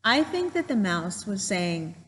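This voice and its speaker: A woman teacher telling a true story to children in a gentle, patient way while she draws. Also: mid-range voice, big pitch swings, unhurried, in a large hall, low-quality recording.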